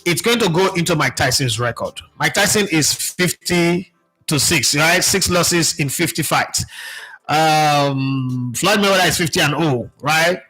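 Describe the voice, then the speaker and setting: Nigerian guy hosting, high bright voice, tells stories all over the place, restarts a lot. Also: measured pace, soft background music, poor audio. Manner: animated, switches into pidgin, many restarts. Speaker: host. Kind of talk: casual storytelling monologue.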